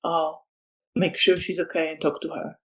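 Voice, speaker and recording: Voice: medium pitch, level tone, moderate pace, creaky, fairly bright tone. Storyteller voicing a strained, grieving vampire man. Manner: strained, restrained. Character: grieving man barely holding himself together.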